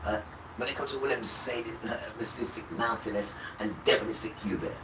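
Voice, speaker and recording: A man on a livestream delivering an impassioned religious rant, preachy and accusing. He swings from loud outbursts to low muttering. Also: fairly even intonation, moderate pace. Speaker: livestream host. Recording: roomy, distant mic with loud background noise.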